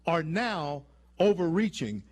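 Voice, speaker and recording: A male talk radio host speaks from the studio in an emphatic, opinionated way. His voice is slightly high for a man, and he often stumbles and restarts mid-sentence. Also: big pitch swings, takes it slowly.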